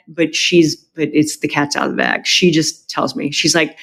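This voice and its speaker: A middle-aged woman, a podcast guest, telling a personal family story candidly, with quick asides. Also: sits low, little pitch movement, gravelly, a bit bright.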